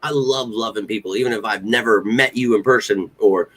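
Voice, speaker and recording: Rambling, heartfelt man with a low voice. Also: brisk, fairly bright tone. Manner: heartfelt, rambling, swears casually. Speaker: podcast host. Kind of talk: casual fan talk show.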